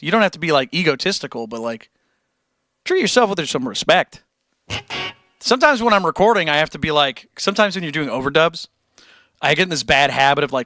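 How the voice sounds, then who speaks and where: A man's voice: a little high, sharp tone, dry recording, clean studio sound. A young man streaming and answering chat questions about guitar, blunt and encouraging, with casual swearing and rambling tangents.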